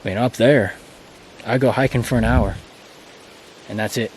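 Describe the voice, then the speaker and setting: A man's voice: medium pitch, fairly even intonation, normal speed, a little mellow, slight background noise. A man talking casually to himself while hiking a pine forest trail, rambling and playful. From Colorado. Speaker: hiking vlogger. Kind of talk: casual hiking vlog talk.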